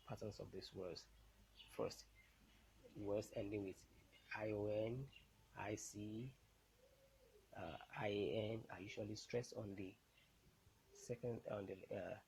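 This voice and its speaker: A man teaching an English lesson, slowly modelling words and explaining the rules. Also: fairly low pitch, creaky, a little mellow, a little hiss or hum, low-quality recording. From Nigeria. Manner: slow, deliberate word drills and explanations. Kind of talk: recorded online lesson.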